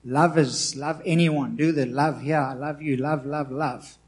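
A man in his forties preaching a sermon with passion, swinging between loud emphasis and quiet asides. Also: on the high side, fairly even intonation, a little slow, husky. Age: 40s. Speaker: pastor.

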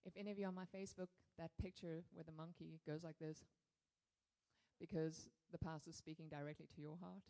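A woman speaks to a church congregation, sharing a candid personal testimony with lively storytelling and frequent fillers. Her voice is mellow and dark, with a gravelly fry, and it sits on the lower side for a woman. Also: a little fast, rough recording.

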